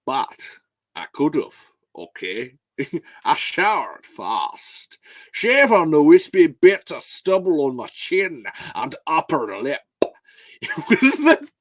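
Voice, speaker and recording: A man putting on a deliberately bad impression of a famous male film star while reading a passage from a novel aloud. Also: a little high, wildly swooping pitch, no room sound, full character voice. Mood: mock suave.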